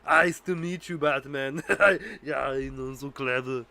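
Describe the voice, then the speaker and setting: A man's voice: medium pitch, steady tone, measured pace, crowd noise, pitched below the performer's own voice, lightly acted. A man doing a voice of a gloating male ice villain who laughs at his own puns. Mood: smug.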